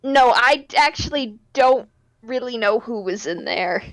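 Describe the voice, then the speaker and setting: A woman's voice: fairly high pitch, expressive, a little slow, a bit bright, no room sound, low-quality recording. A woman speaking in character as a player in a tabletop game, wry and self-deprecating.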